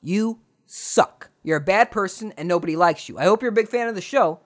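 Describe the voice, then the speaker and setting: A young man hosting a podcast, telling comic stories and ranting sarcastically, swearing freely and jumping from mutters to loud outbursts. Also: high-pitched, expressive, fast. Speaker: podcast host. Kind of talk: comedic storytelling rant.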